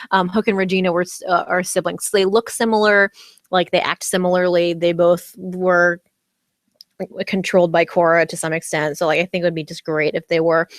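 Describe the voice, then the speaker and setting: A woman's voice: fairly low pitch, no room sound. A woman from the US chatting casually on a livestream about a TV episode, rambling with lots of fillers and restarts and bursts of giggly enthusiasm, talking around a candy in her mouth. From United States. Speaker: vlogger recapping a TV episode.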